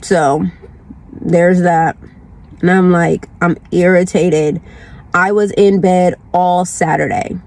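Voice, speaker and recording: A woman's voice: on the low side, fairly even intonation, takes it slowly, darkish tone. A woman vlogger chatting casually from her car, congested from the flu, rambling and repeating herself. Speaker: lifestyle vlogger. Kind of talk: casual chat.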